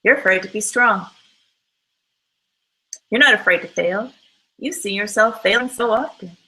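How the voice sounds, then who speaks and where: A woman's voice: mid-range voice, a little slow, pushed and bright, low-quality recording. A woman giving a motivational talk, emphatic and full of rhetorical questions. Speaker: motivational speaker.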